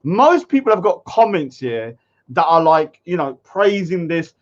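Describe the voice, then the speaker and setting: A man's voice: fairly high pitch, big pitch swings, unhurried. A man commenting scornfully on a livestream, mocking comments. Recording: dull lo-fi stream audio.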